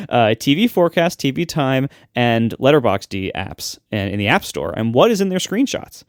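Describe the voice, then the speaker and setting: A man's voice: medium pitch, no room sound, studio quality. Wry man giving practical advice. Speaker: podcast co-host. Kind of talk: casual chat.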